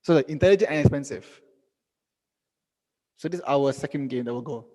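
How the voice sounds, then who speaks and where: A young man teaching a live online English lesson, reading out students' sentences and correcting them gently. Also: mid-range voice, brisk, in a large hall.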